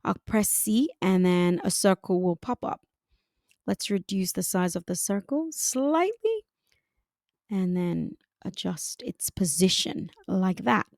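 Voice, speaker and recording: A woman giving a calm, step-by-step software design tutorial, talking through each click. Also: medium pitch, slow, creaky, no echo, studio quality. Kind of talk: screen-recorded software tutorial.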